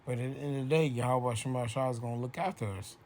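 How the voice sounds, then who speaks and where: A man of ordinary pitch teaching scripture in a loose, conversational way. He reads verses slowly and with weight, then breaks into casual explanation, checking in with "right?" as he goes. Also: darkish tone, slight background noise. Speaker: bible teacher. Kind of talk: informal scripture lesson.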